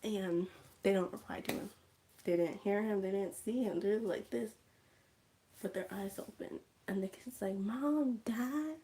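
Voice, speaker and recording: On her livestream, a woman casually recaps a movie in a chatty, animated way, acting out scenes and slipping into whispers. Her voice is mid-range and her speed normal.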